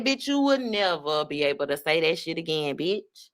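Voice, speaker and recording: A woman hosting an online talk show, giving blunt, profane commentary on online drama in a casual, fast-talking way. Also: on the low side, fairly bright tone. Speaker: online radio host.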